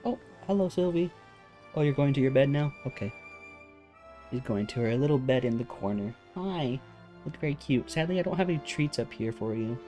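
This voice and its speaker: A man streaming a game from home, chatting in a soft-spoken, chill, self-deprecating way. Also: medium pitch, lively intonation, fairly quick, faint music behind. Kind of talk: casual chat while gaming. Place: home room with rain on the ceiling.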